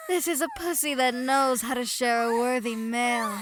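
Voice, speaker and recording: A woman's voice: a little high, normal speed, background noise, natural voice. A woman voicing a bossy, dominant female leader in an audiobook, giving firm commands. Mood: commanding. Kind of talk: erotic audiobook character voice.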